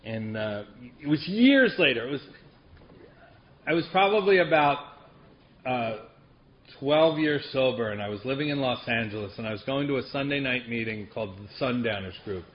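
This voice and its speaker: A man's voice: medium pitch, animated, moderate pace, dull audio. A man telling a personal recovery story to a group, wry and self-deprecating, often laughing through the funny parts. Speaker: speaker sharing a recovery story.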